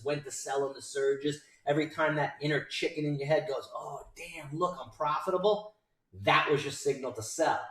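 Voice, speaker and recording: A man hosting a live day trading show, excitedly calling out prices and shouting out names from his chat. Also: medium pitch, far from the mic. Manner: hyped, rattling off stock prices and chat names. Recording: roomy sound from off-mic.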